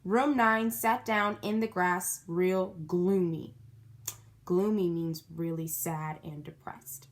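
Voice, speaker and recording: A woman's voice: fairly low pitch, fairly even intonation, slow. A woman reading a children's book aloud, stopping to explain words and ask her young listeners questions. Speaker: storybook reader.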